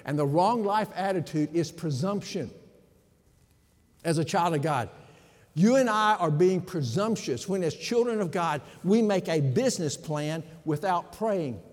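A man's voice: high voice, lively intonation, unhurried, a little mellow. A man preaching a sermon as pastor, emphatic and speaking directly to his congregation. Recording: long hall reverb.

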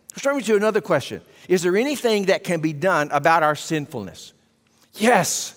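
A man's voice: high-pitched, big pitch swings, normal speed, fairly bright tone. A man preaching a sermon to a congregation, emphatic and asking rhetorical questions. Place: church sanctuary. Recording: long hall reverb.

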